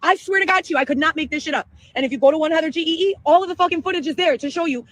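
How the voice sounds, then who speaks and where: A woman telling a long profane story in an excitable livestream rant. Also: sits high, rapid-fire, dry recording, rough recording. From Chicago area, Illinois. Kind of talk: ranting livestream monologue.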